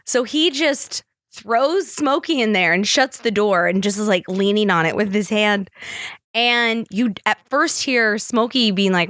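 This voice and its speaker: A woman's voice: medium pitch, expressive, measured pace, a bit bright, no echo, clean studio sound. A young woman hosting a podcast, telling stories casually, swearing freely and acting out quotes in squealing voices. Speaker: podcast host. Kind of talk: casual storytelling monologue.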